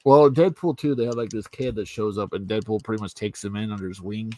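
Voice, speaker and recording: A man hosting a casual live stream, talking in a rambling, animated way and swearing freely. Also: lowish voice, fast talker, no room sound. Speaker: stream host. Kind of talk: casual chat.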